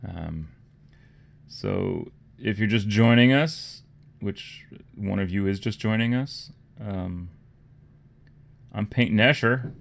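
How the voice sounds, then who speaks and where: Gravelly low-voiced man with a Toronto accent. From Canada. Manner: rambling, low-key, often trails off into quiet murmurs. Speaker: livestream host. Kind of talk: casual livestream chat while painting miniatures.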